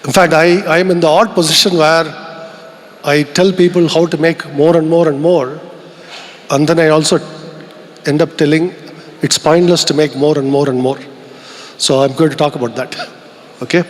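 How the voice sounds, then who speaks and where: A man's voice: fairly high pitch, steady tone, normal speed, long pauses. Indian man giving a reflective keynote. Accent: Indian English. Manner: earnest, reflective, asks rhetorical questions. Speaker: keynote speaker. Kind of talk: conference keynote speech. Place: large conference hall. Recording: long hall reverb.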